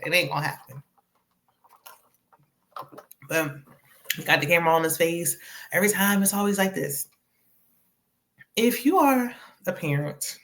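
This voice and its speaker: Chatty opinionated woman host, lowish voice. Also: a bit bright. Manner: opinionated, chatty, laughs often. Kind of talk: casual commentary.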